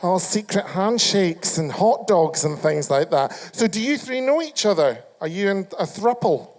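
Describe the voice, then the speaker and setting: A Scottish man with a high-pitched voice works a live crowd as a chat show host. His talk is camp and foul-mouthed, and he keeps needling audience members with sharp teasing. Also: expressive, moderate pace. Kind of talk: live stand-up crowd work. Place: live comedy venue.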